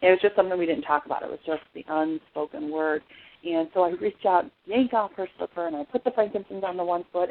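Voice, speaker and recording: A woman's voice: mid-range voice, quick pace. A woman giving an earnest personal testimony as an essential oils presenter, telling her story with frequent restarts. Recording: tinny phone-like sound.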